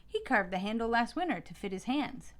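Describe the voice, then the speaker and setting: A woman's voice: a little high, expressive, a little fast, natural voice. A woman doing a spunky young girl sleuth. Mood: prim. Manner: cries out shrilly when scared, then primly polite.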